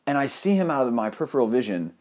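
A young man telling a funny personal anecdote in an animated, profane, self-mocking way. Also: mid-range voice, fast talker. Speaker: storyteller.

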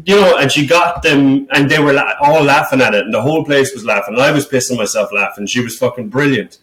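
A male podcast host and stand-up comedian tells a story in a worked-up rant, full of swearing. His voice sits at an ordinary pitch. The room gives it a clear echo. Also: fast. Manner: animated ranting storyteller who swears a lot. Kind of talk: casual podcast chat. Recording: roomy echo.

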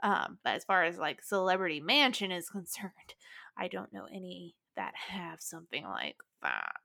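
A woman co-hosts a casual podcast with a bright, clear voice. She talks in an animated, giggly way, swears casually and leans on "like" between thoughts. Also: lowish voice, moderate pace, dry recording, clean studio sound. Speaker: podcast co-host. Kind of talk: casual chat.

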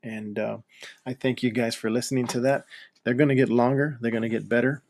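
A man hosting a casual solo podcast, talking haltingly with lots of fillers and restarts. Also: medium pitch, fairly even intonation, a little mellow, slight background noise. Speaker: podcast host.

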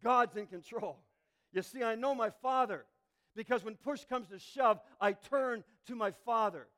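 A male pastor preaching a sermon with passion, building to emphatic peaks and dropping to a near hush. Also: very high voice, unhurried.

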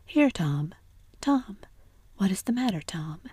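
A woman's voice: mid-range voice, big pitch swings, slow, darkish tone, slightly rough, no echo, exaggerated voice. A woman voicing an anxious younger brother, a whispered role-play with urgent, fretful whispers.

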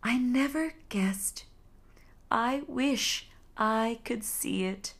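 A woman voicing a proud little male frog who lives in a well, speaking softly and earnestly in a bedtime story. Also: on the high side, extremely slow, voice pushed up, heavily acted. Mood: amazed.

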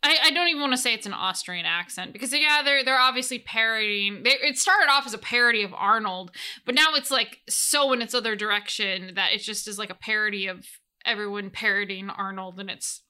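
A woman's voice: mid-range voice, fairly quick, bright, forceful tone, clean tone. A woman game master chatting through a casual solo recap, rambling with many restarts and frequent laughs.

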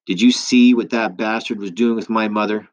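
Man reading as a bitter grieving man, curt resentful storybook voice, low tone, dull lo-fi sound. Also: steady tone, normal speed, natural voice.

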